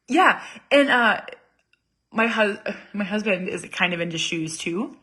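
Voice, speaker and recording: Woman, 30s, casual vlog host; bright tone, rambling and self-mocking. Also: medium pitch, animated, a little slow, slightly rough. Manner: chatty, self-deprecating, laughs often. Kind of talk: casual chat to viewers.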